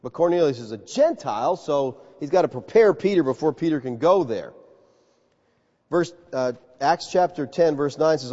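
A man preaching a sermon in an animated, conversational way, calling his listeners folks. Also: fairly high pitch, normal speed. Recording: reverberant hall, slightly dull sound.

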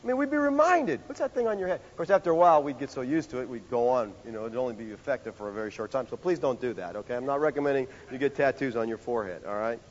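A male pastor preaching a sermon in a conversational, animated way, full of rhetorical questions. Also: medium pitch, very fast, few pauses. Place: church sanctuary. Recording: dull sound with long hall reverb.

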